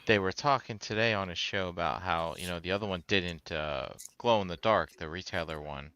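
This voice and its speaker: A man's voice: low voice, fairly quick, sharp tone, smooth, dry recording. A man hosting a casual chat about collectibles, rambling and swearing casually as he talks. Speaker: host. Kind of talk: casual chat while collecting and sorting figures.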